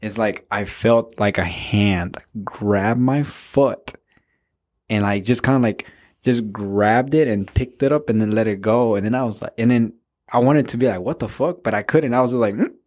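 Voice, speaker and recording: Young male co-host, slightly low voice, loose rambling storyteller, peppers everything with "bro". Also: normal speed, a little mellow. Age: young adult. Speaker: podcast co-host. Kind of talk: casual storytelling among friends.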